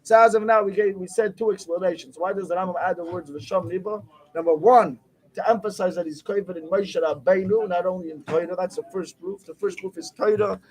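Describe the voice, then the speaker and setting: A man's voice: sits high, a little fast, a little mellow, poor audio. A man teaching a Torah class, reading the text aloud, then asking and answering his own questions.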